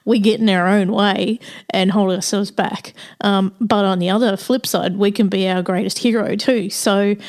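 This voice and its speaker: A woman asks her guest questions in a relaxed, chatty way, reflecting aloud on her own experience as she goes. Her speech is full of small ums and restarts. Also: medium pitch. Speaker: interviewer. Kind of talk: podcast interview.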